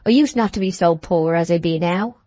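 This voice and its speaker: A woman's voice: lowish voice, fairly quick, mellow, no room sound, close to an everyday voice. A woman reading the part of a humble, kindly young shepherd in an audiobook, speaking heartily and soothingly. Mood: hearty.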